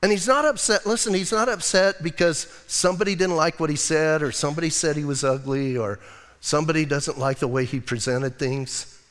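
A man's voice: on the high side, fairly quick, a bit bright. An older man, a pastor, preaching a sermon in a conversational way with rhetorical asides. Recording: long hall reverb.

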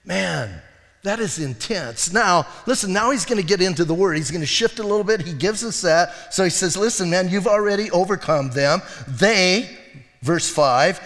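Male pastor, sermon delivery, animated storyteller; slightly high voice, long reverb from a church hall. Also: normal speed. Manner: animated storytelling with acted quotes and laughs. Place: church sanctuary.

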